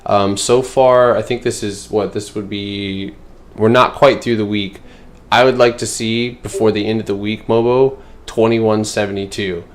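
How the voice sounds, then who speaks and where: A man's voice: on the low side, fairly even intonation, measured pace. A man hosting a casual trading livestream, going through charts in a loose, filler-heavy way and answering his chat. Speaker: stock trading streamer.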